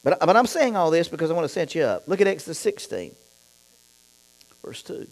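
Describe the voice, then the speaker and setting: A male pastor preaching a sermon, reading scripture and then talking straight to the congregation, dropping low for asides and getting loud and fired up in other stretches. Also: big pitch swings, a little fast, gravelly, low-quality recording. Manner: reads scripture aloud and talks straight to the congregation.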